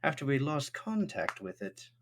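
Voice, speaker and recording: A man's voice: medium pitch, sing-song, moderate pace, a little hiss or hum, pitched above the performer's own voice. A man doing a gloating male mad scientist. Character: scheming male scientist who made a clone.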